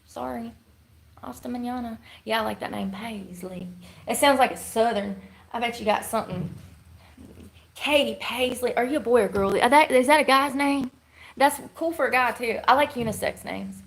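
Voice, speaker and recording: A woman's voice: a little high, normal speed, creaky. A woman chatting casually with her livestream viewers in a blunt, rambling, slangy way.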